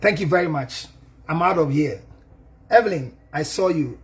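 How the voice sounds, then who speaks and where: High-voiced emphatic man giving a speech. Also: expressive, normal speed. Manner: emphatic, switches between languages, laughs at his own jokes. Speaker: counselor. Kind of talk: thank-you speech and advice talk.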